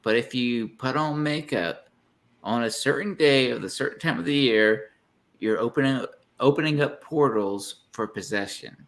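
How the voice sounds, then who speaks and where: A man chatting casually on a panel, incredulous and quick to swear. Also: mid-range voice, fairly bright tone.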